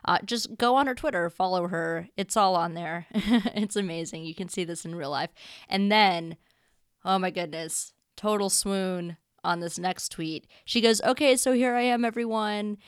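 A woman's voice: fairly low pitch, measured pace, smooth, dry recording, studio quality. A woman hosting a podcast in a casual, gushing and heartfelt monologue, with a tearful edge. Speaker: podcast host.

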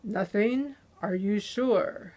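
Casting: woman playing a cold, measured male interrogator in a storybook thriller, firm and commanding, mid-pitched. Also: a little mellow. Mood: cold menace.

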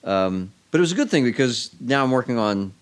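A man's voice: medium pitch, big pitch swings, brisk. A man telling a long story as an interview guest, casually and wryly, with frequent restarts. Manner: rambling, restarts often, wry.

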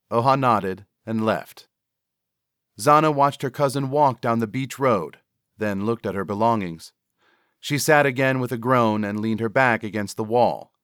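A man narrating his own story in a steady, measured reading. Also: fairly low pitch, no echo, clean studio sound. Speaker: author and narrator. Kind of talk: scripted narration.

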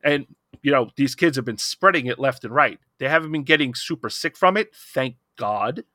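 A man's voice: medium pitch, expressive, normal speed, bright, forceful tone, dry recording, clean studio sound. A middle-aged man co-hosting a podcast, talking in a casual roundtable discussion, impassioned and rambling with restarts. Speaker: podcast co-host.

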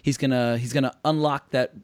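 An American man hosts a relaxed film podcast at a middle pitch. His voice is close and dry with no room sound, and he talks in an animated, laughing way. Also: a little fast, smooth, no room sound. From United States. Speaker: podcast host. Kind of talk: casual film discussion.

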